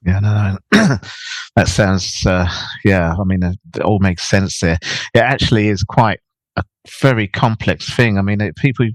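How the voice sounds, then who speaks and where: Deep-voiced London man hosting. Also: no room sound. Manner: chuckles often, halting restarts. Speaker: podcast host. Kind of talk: casual interview chat.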